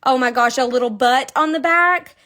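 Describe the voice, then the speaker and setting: A woman with a Kentucky accent, her voice sitting a little high, chats her way through a live crochet tutorial. She is talkative and giggly and slips into stories while her hands keep working. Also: normal speed, pushed and bright. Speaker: crochet instructor.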